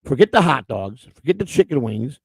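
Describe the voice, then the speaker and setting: A man's voice: mid-range voice, big pitch swings, brisk, vocal fry, a little mellow, husky, no echo, poor audio. A man co-hosting a casual livestream chat, telling long rambling stories and often repeating words. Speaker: co-host.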